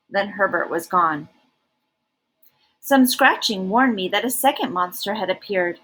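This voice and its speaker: A woman reading a picture book aloud in an animated, expressive way, with a breathy voice. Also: mid-range voice, unhurried, long pauses, low-quality recording. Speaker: storybook reader.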